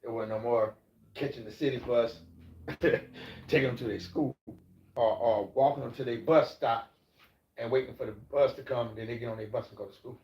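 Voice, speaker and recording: A man's voice: mid-range voice, fairly even intonation, normal speed, darkish tone. A middle-aged man talking loosely and profanely on a live stream, rambling into preachy asides. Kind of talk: casual live-stream talk. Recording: echoey, dull lo-fi room sound.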